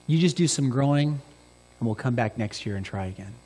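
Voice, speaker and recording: A man voicing a gentle, patient father who speaks softly and reassuringly to his young son. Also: normal speed, breathy edge, low-quality recording. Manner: soft, low and reassuring.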